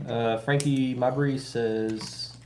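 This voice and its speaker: A man co-hosts a casual livestream and reads viewer comments aloud. He speaks plainly and matter-of-factly at an ordinary middle pitch. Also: fairly even intonation, slow pace, dark tone, slight background noise. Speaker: co-host reading viewer chat.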